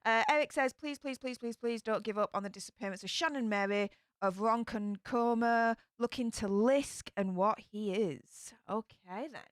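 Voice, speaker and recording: A woman's voice: fairly high pitch, normal speed, few pauses, dry recording, studio quality. A young woman with a Yorkshire accent chatting casually on a live stream, greeting viewers by name. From England.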